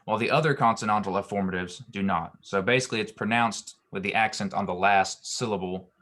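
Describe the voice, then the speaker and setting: In this online grammar lesson, a man with a fairly low voice walks through Hebrew verb forms calmly and patiently. As the teacher goes along, he frequently stops on an "um" or starts a phrase over.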